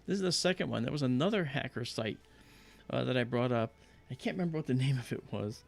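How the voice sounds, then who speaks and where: A man hosting a livestream, telling a story in casual chat and acting out quotes in high voices. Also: lively intonation, quick pace, vocal fry. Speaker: livestream host.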